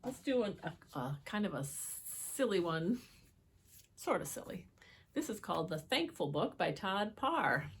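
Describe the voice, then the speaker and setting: A woman reading picture books aloud to children, expressive, with chatty asides to her young viewers. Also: mid-range voice, unhurried, husky. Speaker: children's book reader. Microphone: holds book up to camera.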